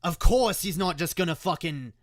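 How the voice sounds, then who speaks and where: A man's voice: a little high, no room sound, clean studio sound. Raw-voiced young man telling a hard story. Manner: raw, emotional, swears often, halting restarts. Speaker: musician telling the story behind a song. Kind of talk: personal storytelling.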